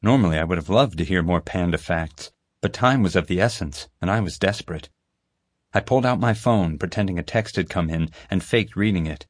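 Low-voiced man narrating a story. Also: brisk, no room sound. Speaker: audiobook narrator. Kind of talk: scripted first-person narration. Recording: dry close studio sound.

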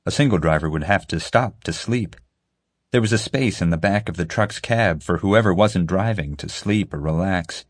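A man narrating a story as an audiobook in a steady storytelling manner. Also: low-pitched, moderate pace, dry recording, studio quality. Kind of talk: scripted narration.

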